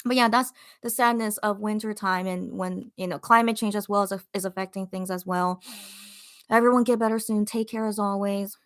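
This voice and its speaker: A woman hosting a casual livestream podcast, reading chat comments aloud and gushing with excitement through lots of fillers. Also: medium pitch, moderate pace. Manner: excited, gushing fan talk with many fillers.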